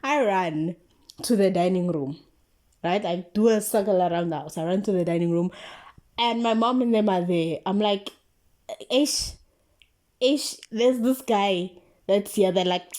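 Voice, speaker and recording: A young woman with a South African accent tells a story as if chatting with friends. Her voice is mellow and low in brightness, and her slangy delivery is animated and packed with casual fillers. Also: normal speed. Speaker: vlogger.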